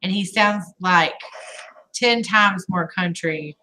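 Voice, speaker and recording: A woman guest chatting casually on a live stream, relaxed. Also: lowish voice, slow. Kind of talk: casual chat.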